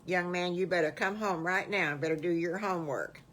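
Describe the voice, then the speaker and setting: A woman's voice: fairly low pitch, moderate pace, a bit bright. A woman voicing a firm alligator mother scolding her son about homework.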